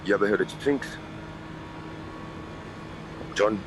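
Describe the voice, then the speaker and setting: A man's voice: lowish voice, takes it slowly, background noise. A man, streaming a racing game and chatting in a rambling, joking way. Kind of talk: casual stream banter.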